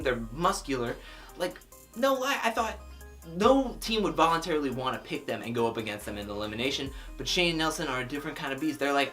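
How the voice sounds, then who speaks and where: Reality tv recap vlogger, super animated pitch, lots of "like", chill opinionated chat. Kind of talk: casual episode recap commentary.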